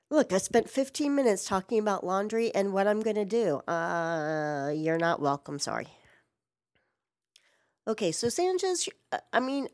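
A woman's voice: mid-range voice, a little mellow, no echo. A middle-aged woman chatting casually from home in a response video, rambling and swearing with lots of "like". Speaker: vlogger. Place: home, Portland.

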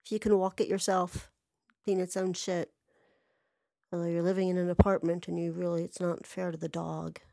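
Woman with a low voice, recorded dry and close. Rambling, profane, blunt storyteller. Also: flat delivery, moderate pace, creaky, mellow, dry recording. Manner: rambling, with many asides. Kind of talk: casual storytelling monologue. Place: near an apartment parking lot.

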